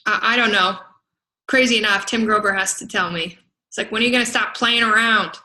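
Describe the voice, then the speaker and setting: A woman's voice: medium pitch, steady tone, fairly quick, sharp tone, poor audio. A middle-aged woman, a business coach, giving an emphatic motivational talk to a group, laughing often and asking "right?". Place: event venue in Las Vegas.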